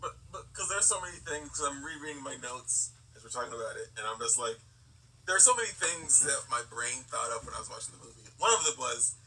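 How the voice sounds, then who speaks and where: A man's voice: medium pitch, expressive, quick pace, bright, forceful tone. A man co-hosting a podcast, giving sarcastic, joking commentary on a movie. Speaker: podcast co-host. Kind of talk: casual movie recap chat. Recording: distant mic with faint background hiss.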